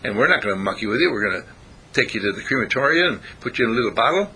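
A man's voice: medium pitch, lively intonation, very fast, sharp tone, breathy edge. A man giving an informal spiritual talk to a small group, asking his listeners questions and chuckling often. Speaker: spiritual teacher.

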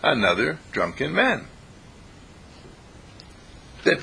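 A man's voice: medium pitch, measured pace, creaky, husky. A man preaching a sermon, telling stories and acting out the characters in them. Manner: animated, acts out characters in the stories. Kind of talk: sermon with storytelling.

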